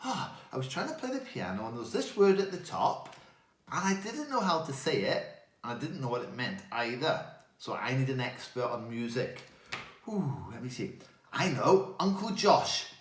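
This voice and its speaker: A man giving a playful, animated talk to children. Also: medium pitch, normal speed, reverberant. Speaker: children's speaker.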